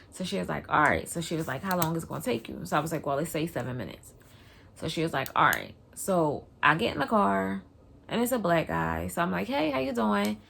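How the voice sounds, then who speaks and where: A woman vlogger, casually telling a personal story in an animated way and getting loud when she relives the scene. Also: deep voice, gravelly, slight background noise.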